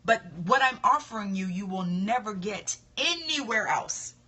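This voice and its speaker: A woman's voice: medium pitch, animated, a little slow, bright, forceful tone. A woman, coaching other estheticians in casual live-stream talk, confident and emphatic, often repeating her points.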